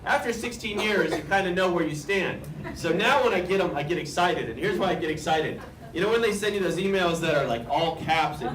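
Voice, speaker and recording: A man's voice: high-pitched, expressive, fairly quick. A man telling wry, chatty stories to a live audience on a book tour. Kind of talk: storytelling talk to a live audience. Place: bookstore event room with an audience. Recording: echoey room, distant mic, loud crowd. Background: audience laughter and room noise.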